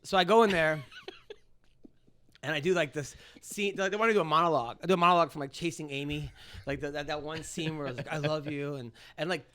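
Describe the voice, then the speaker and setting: A man, a guest comedian, telling a story in an excitable, animated way with lots of swearing and acted-out quotes, recorded in a podcast studio. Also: a little high, fairly quick.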